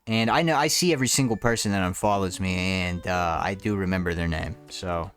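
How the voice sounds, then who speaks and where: A man in his twenties reacting to viewer comments in a blunt, crude, mocking way, jumping between high rants and low mutters. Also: fairly quick, a bit bright, soft background music. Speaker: content creator.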